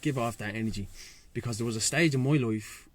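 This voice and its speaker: Dublin guy chatting by the sea, swears a lot, slangy and fired up, middle pitch. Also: brisk. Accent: Irish, Dublin. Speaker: guest, breathwork and sea-swim facilitator. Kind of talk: casual chat.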